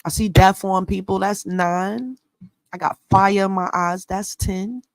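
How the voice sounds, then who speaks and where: A middle-aged woman from New York State, hosting an astrology channel and telling a story in a casual, animated, profane and slangy way. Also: mid-range voice, measured pace, no echo.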